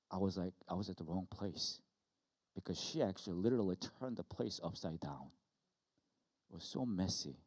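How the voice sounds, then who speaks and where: A middle-aged man preaching a sermon, who tells stories with animation and acts out scenes loudly. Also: sits low, long reverb tail. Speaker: pastor. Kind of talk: sermon with personal story.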